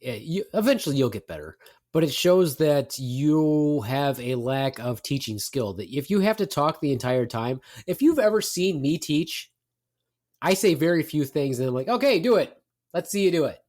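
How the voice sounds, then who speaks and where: A man's voice: mid-range voice, animated, moderate pace, darkish tone. A man co-hosting a podcast, blunt and profane, lecturing in a casual group chat. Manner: blunt, lecturing, profane, mimics others in quotes. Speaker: podcast co-host. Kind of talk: casual banter.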